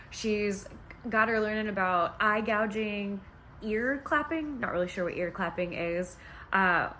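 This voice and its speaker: A young woman talks through a book's plot from her couch at home, chatty and lively, tossing in playful asides as she goes. Her voice sits at an ordinary middle pitch for a woman. A faint household hum stays low behind her. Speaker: book vlogger. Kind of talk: casual plot recap.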